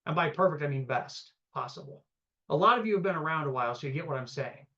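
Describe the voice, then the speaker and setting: Teaching real estate investing at a live seminar, a man talks at a quick pace in a voice on the high side, captured with dull audio. He keeps it lively and conversational, peppering listeners with rhetorical questions and "okay?"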